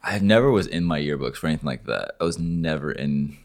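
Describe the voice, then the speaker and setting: A man's voice: very deep voice, expressive, a little fast. A young man from Oregon co-hosting a podcast, talking in a laid-back way and swearing casually. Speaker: podcast co-host.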